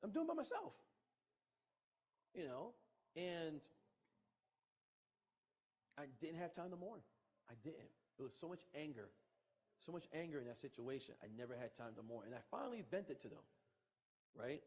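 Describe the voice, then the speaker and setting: A middle-aged man, appearing as a podcast guest, emotionally recounts a painful personal loss, repeating himself and quoting what others said. His voice is a little high and sing-song, slightly mellow and a bit rough, moving at normal speed with frequent pauses. The podcast audio sounds muffled.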